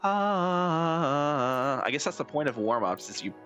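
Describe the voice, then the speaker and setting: Man, hoarse, casual game stream commentary, swears a lot, mid pitch, faint game music. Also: fast talker. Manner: rambling, swears a lot, thinks out loud. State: rough, hoarse voice.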